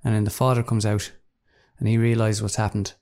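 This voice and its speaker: A podcast co-host laying out his theory in a steady, matter-of-fact way. His voice is low, dark and quite flat in pitch. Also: a little fast. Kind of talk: casual true-crime chat.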